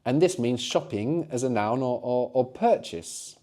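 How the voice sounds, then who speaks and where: A middle-aged man leads a spoken language lesson in a warm, mellow voice at an even middle pitch. He explains at length and keeps checking in with quick tag questions. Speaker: language teacher.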